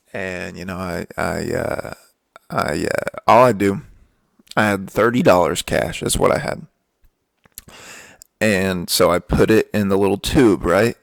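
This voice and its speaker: A young man with a low, gravelly voice tells rambling stories on his podcast. He talks loosely and swears freely, drifting between a relaxed drawl and heated rants. The sound is dry and close, with no room around it. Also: no echo. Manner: profane, ranting, laid-back drawl. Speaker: podcast host. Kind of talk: casual storytelling monologue.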